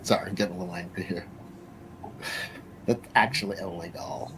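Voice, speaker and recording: A man's voice: sits low, a little fast, background noise. A man streaming live reaction commentary, swearing and mocking the people on screen in a combative way.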